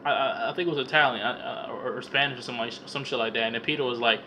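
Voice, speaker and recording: Bright-voiced young man rambling through a film recap. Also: mid-range voice, steady tone, fast, dull audio, a little hiss or hum. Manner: rambling, stammers and repeats words, heavy slang and swearing. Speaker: vlogger reviewing a film. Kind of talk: casual profane comedic movie recap.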